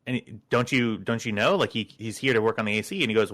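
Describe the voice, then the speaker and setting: A man's voice: lowish voice, fast talker, fairly bright tone. A man chatting casually with friends, retelling a work story and acting out the quoted dialogue. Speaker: podcast regular.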